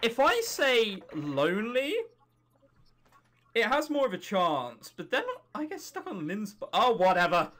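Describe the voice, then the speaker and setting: A woman commenting casually on a game she is playing, sarcastic and quick to swear and laugh. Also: mid-range voice, big pitch swings, fairly bright tone. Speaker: let's-play host.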